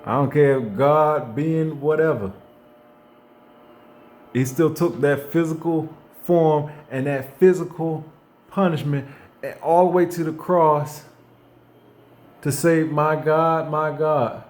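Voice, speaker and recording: A man's voice: on the high side, takes it slowly, long pauses, darkish tone. Fired-up preacherly man talking faith. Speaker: motivational faith speaker. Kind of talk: unscripted faith monologue.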